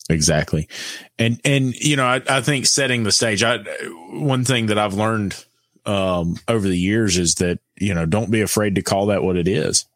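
Male podcast host, low-pitched, short agreeing replies, dry sound. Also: normal speed, fairly bright tone, dry recording. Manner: brief agreeing interjections. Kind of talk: podcast conversation.

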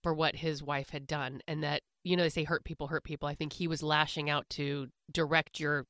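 A woman's voice: low-pitched, level tone, fairly quick, fairly bright tone, dry recording, studio quality. A woman guest in a casual chat, offering a reflective, consoling reading of a conflict.

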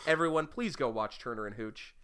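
Bright-voiced young man rambling excitedly. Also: medium pitch, brisk, smooth. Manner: rambling, enthusiastic, swears casually. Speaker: podcast co-host. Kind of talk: casual chat.

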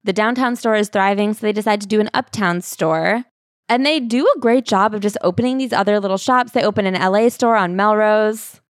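A woman's voice: medium pitch, brisk, dry recording, clean studio sound. A woman co-hosting a podcast, casually retelling a memoir with wry amusement. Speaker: podcast co-host.

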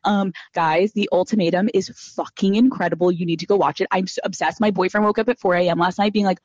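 A young woman hosting a casual podcast, telling stories fast with lots of swearing and voiced-out quotes. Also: fairly low pitch, steady tone, a little mellow, no echo, lo-fi sound. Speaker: podcast host. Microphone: studio microphone.

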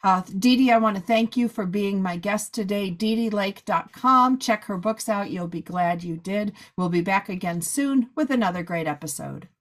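A woman hosting a podcast, chatting casually and a bit hoarse after a long day of recording. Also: mid-range voice, moderate pace, few pauses. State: hoarse, losing her voice. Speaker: podcast host. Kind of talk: casual chat.

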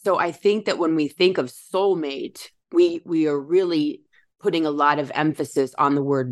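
A woman hosting a podcast, musing in a casual spiritual chat and slowing down to stress her words. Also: low voice, fairly even intonation. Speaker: podcast host.

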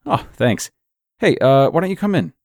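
An easygoing, chatty male neighbor who loves baking, as a man puts him on. His talk swings up and down in pitch with a gravelly edge, a little evasive under the friendliness. The sound is close and dry. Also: sing-song, moderate pace, no echo. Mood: friendly. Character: friendly adult male neighbor, cheerful baker.

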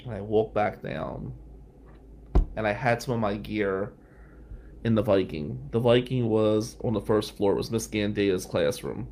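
A male podcast host telling a personal story in an animated way, swearing freely and loudly acting out what others said. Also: lowish voice, a little slow, slight background noise.

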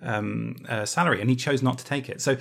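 A man co-hosting a podcast who tells stories in an animated way, laughing easily and restarting his phrases. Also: mid-range voice, brisk, vocal fry. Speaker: podcast co-host. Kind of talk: casual podcast chat.

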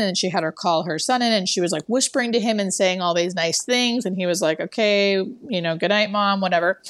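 A woman hospice nurse tells a story over a remote call. She is chatty and full of fillers, and she acts out the dialogue as she goes, with her voice sitting at an ordinary middle pitch. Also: fairly quick. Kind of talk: casual storytelling interview. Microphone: remote call audio.

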